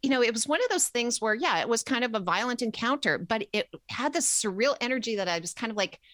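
A woman telling a personal travel story in a casual, animated way. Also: on the high side, fast talker, no room sound.

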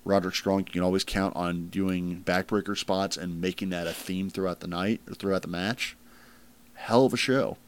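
A man's voice: sits low, fairly even intonation, moderate pace. A man hosting a casual podcast chat, rambling with lots of fillers. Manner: rambling, filler-heavy, laughs at crude jokes. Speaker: podcast host ranking wrestling matches.

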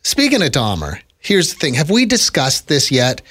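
Animated, wry male podcast co-host. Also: fairly high pitch, moderate pace. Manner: teasing, wry. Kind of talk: casual chat.

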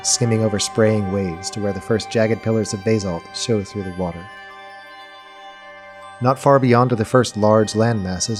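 Male game master, lowish voice, unhurried scenic narration. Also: darkish tone. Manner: slow, descriptive storytelling.

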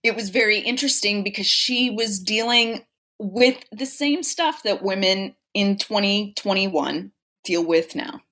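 A woman's voice: medium pitch, a little slow, pushed and bright. A young adult woman, an actress, talking earnestly and reflectively in an interview. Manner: reflective, earnest, grows emotional. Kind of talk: casual interview conversation.

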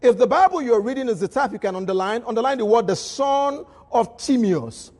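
High-pitched, husky male pastor preaching. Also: lively intonation, brisk, few pauses. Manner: emphatic preaching with repeated phrases and bursts of shouting. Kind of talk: sermon at a midweek service. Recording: long reverb of a large hall.

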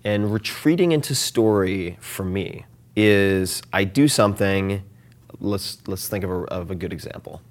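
Animated, restless man, somewhat low voice. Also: measured pace. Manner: animated, self-deprecating, frequent fillers and restarts. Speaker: podcast guest. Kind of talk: casual conversational interview.

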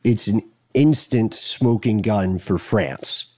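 A man's voice: on the low side, slow pace, mellow, no echo. A man co-hosting a podcast, telling a story in a casual, jokey way and slipping into mock voices. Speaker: podcast co-host.

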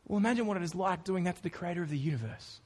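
A man's voice: high-pitched, very fast, breathy edge. A man preaching a sermon in a casual, earnest way, with informal asides to the congregation. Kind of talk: conversational sermon.

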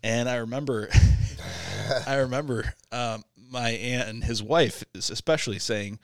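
A man co-hosting a podcast, telling a story in a casual, animated, halting way. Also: medium pitch, vocal fry, no echo. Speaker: podcast co-host.

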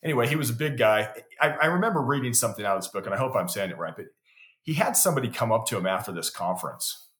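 A man's voice: mid-range voice, expressive, very fast, fairly bright tone. A man talking as a podcast guest, telling stories in an earnest way and often repeating words as he builds to a point. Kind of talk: conversational storytelling. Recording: roomy echo.

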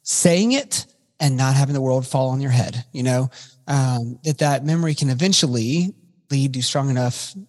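Husky man in a reverberant room. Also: mid-range voice, moderate pace, darkish tone. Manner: rambling, with frequent restarts and fillers. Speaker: podcast co-host. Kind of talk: casual podcast conversation.

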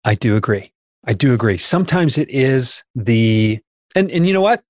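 A man's voice: mid-range voice, big pitch swings, normal speed, no room sound, clean studio sound. A man co-hosting a podcast, chatting casually about sales with playful asides.

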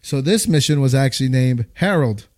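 A man in his thirties from the United States, casually telling a war story, animated and acting out the voices he quotes. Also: mid-range voice, normal speed.

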